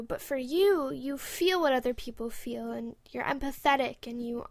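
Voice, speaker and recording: High-voiced young woman, expressive chat. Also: moderate pace, gravelly. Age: young adult. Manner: emotional, expressive. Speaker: podcast co-host. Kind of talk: casual chat.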